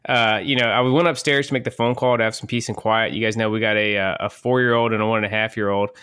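A man's voice: on the low side, steady tone, fast, pushed and bright, clean tone, no room sound, studio quality. A man in his thirties hosting a casual podcast, laid-back and storytelling, with a casual swear here and there. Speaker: podcast host.

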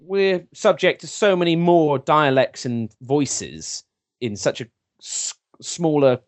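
A man from England with an English accent, co-hosting a casual podcast chat and talking in a lively, chatty way with quick asides. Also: on the high side, no echo. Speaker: podcast co-host.

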